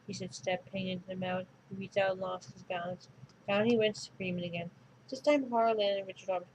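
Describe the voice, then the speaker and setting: A woman's voice: medium pitch, fairly even intonation, a little fast, slight background noise, rough recording. Woman reading a storybook aloud. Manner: chatty, unpolished reading. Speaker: storybook reader. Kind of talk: casual read-aloud with asides to viewers.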